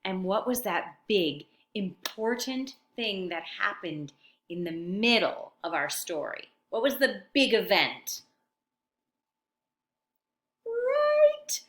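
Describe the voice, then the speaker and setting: Slow, lively woman teacher reading aloud. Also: fairly high pitch. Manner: slow, sing-song, asks questions of young listeners. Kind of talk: children's read-aloud and story recap. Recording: roomy echo.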